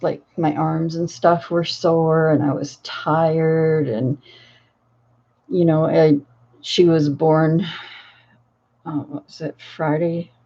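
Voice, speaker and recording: Older woman, low voice, rambling storyteller. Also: warm tone, muffled recording. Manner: rambling, full of fillers and restarts. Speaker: crafting channel host. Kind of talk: casual storytelling.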